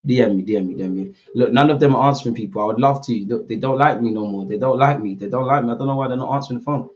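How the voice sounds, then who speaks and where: A man's voice: mid-range voice, very fast, muffled recording. A young man hosting a football watchalong, chatting casually and animatedly with slang to his live viewers. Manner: animated, slangy, banter with chat.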